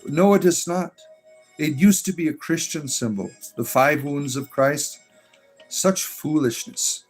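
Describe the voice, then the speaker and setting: A man's voice: fairly high pitch, measured pace, husky, soft background music. Exasperated man answering a live chat. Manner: exasperated, sarcastic, with many fillers. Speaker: pagan clergy livestream host. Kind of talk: livestream reading and answering chat comments.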